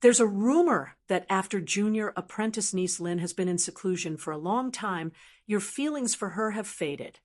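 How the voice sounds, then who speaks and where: A woman's voice: mid-range voice, moderate pace, lightly acted. A woman reading the lines of a worried, formal middle-aged male sect elder in an audiobook.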